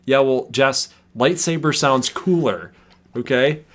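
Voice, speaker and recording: A man's voice: mid-range voice, takes it slowly. A man in his thirties hosting a livestream, talking in casual, sarcastic banter and laughing often. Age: 30s. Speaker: livestream host.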